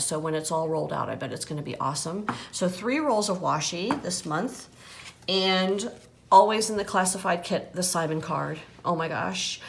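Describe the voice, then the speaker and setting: A woman's voice: sits low, gravelly, a little hiss or hum. A woman vlogging her planner supplies in casual chat, gushing and exclaiming as she unpacks. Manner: gushing, excitable, exclaims often.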